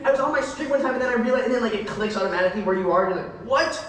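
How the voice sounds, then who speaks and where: Answering fan questions as a celebrity panel guest, a young man speaks rapid-fire in a high, fairly bright voice. His rambling comes with restarted sentences and laughing asides, recorded from a distance in an echoey convention hall with slight background noise.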